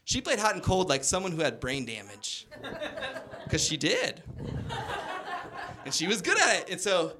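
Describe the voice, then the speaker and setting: A man's voice: high voice, sing-song, a little slow, long pauses, background noise. A man in his thirties performing a stand-up comedy set, rambling through a story and acting out quotes. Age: 30s. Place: stage before a laughing audience.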